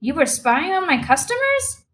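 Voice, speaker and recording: A woman voicing a short, stocky, hot-tempered Italian male restaurant manager who talks in an Italian accent and turns shrill and spluttering. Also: sing-song, normal speed, fairly bright tone, a little hiss or hum, exaggerated voice. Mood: furious.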